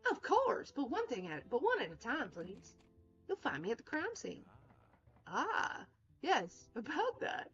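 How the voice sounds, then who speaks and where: Woman putting on a cheerful Southern drawl, young lab tech, high and chirpy, dull lo-fi sound, music behind. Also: wildly swooping pitch, measured pace, full character voice. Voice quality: bright, bubbly.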